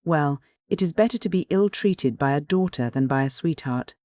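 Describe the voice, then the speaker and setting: A man's voice: a little high, animated, moderate pace, a little mellow, dry recording, close to an everyday voice. A man reading as a cynical old aristocrat. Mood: mocking. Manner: flowery, mocking and jesting. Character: bankrupt old aristocrat father, smooth and cynical.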